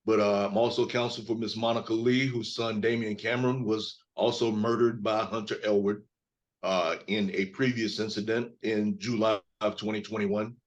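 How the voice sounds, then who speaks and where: A hoarse man in his fifties from Mississippi speaks as an attorney at a press conference. His voice sits low, and he talks in a measured way with frequent fillers, heard over a video call. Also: fairly even intonation, muffled recording. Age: 50s.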